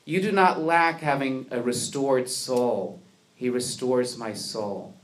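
A man's voice: medium pitch, slow. A man preaching a sermon to his congregation, earnest, asking rhetorical questions and building to emphatic peaks. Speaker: pastor.

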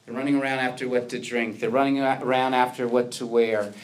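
A man's voice: mid-range voice, flat delivery, fairly quick. A man preaching a sermon to his congregation, earnest, asking rhetorical questions and building to emphatic peaks. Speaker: pastor.

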